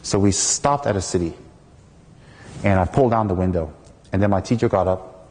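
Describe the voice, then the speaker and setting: A man from the United States, a Buddhist teacher, giving a dharma talk through a lively personal story in which he acts out the people in it. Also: low voice, normal speed, big-room sound.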